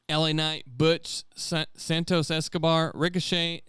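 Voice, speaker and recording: A man's voice: on the high side, steady tone, measured pace, soft background music. A man co-hosting a podcast in casual chat, loose and joking, swearing freely. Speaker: podcast co-host.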